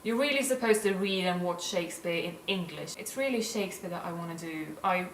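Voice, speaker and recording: Young woman vlogging, gushing and earnest, lowish voice, echoey room, a bit far from the mic. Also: fairly quick, a little hiss or hum. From Sweden. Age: young adult. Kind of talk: casual vlog talk.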